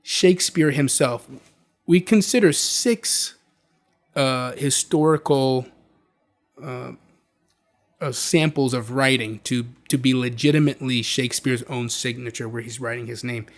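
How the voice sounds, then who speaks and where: A man's voice: medium pitch, unhurried. A man hosting a video, explaining in a casual, conversational way with frequent restarts. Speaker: video host.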